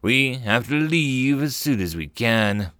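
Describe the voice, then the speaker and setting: A man's voice: medium pitch, animated, slow pace, a bit bright, clean tone, no room sound, studio quality. A man voicing a nervous, bitter male alien starship captain in an audiobook story. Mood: anxious. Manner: anxious, bitter.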